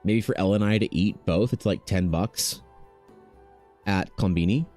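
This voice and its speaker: A streaming artist chats casually on a livestream, laid-back, slangy and rambling. His voice is low-pitched and warm at a normal speed, with faint music behind him.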